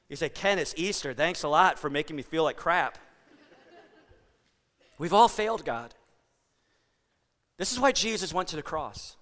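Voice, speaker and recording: A man's voice: sits high, pushed and bright, in a large hall. A man preaching a sermon to a congregation, playful and joking with the crowd. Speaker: pastor. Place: church hall.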